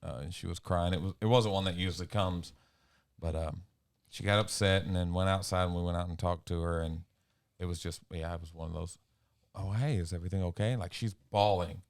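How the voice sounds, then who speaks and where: A man's voice: low-pitched, fairly even intonation, fairly quick. A man co-hosting a casual podcast chat, easygoing and full of fillers, acting out quoted dialogue. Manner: easygoing, filler-heavy, acts out quoted talk. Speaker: podcast co-host, youth leader.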